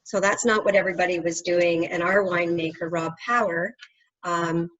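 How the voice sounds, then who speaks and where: Low-voiced woman winery rep. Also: steady tone, normal speed, fairly bright tone. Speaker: winery representative. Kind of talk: presenting wines on a video call. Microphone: video call. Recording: muffled lo-fi call audio.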